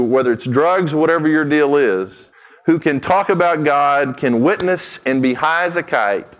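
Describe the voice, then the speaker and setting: A man's voice: mid-range voice, low-quality recording. A man preaching a sermon, reading scripture aloud and breaking off into direct, emphatic asides to his listeners. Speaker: pastor.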